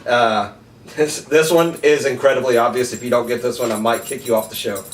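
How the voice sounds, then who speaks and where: A man co-hosting a casual movie podcast, who reads film quotes slowly and laughs often. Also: medium pitch, fairly even intonation, slight background noise. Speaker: podcast co-host. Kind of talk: casual chat. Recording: roomy sound, mic at a distance.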